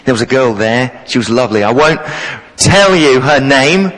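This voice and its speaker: Jovial vicar in a reverberant church. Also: male voice, mid-range voice, normal speed. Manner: jovial, animated storyteller. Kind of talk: sermon with storytelling.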